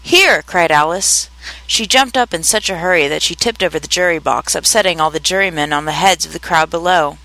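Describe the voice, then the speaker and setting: A woman narrating an audiobook in a clear, expressive storytelling voice. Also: on the low side, fairly quick, low-quality recording.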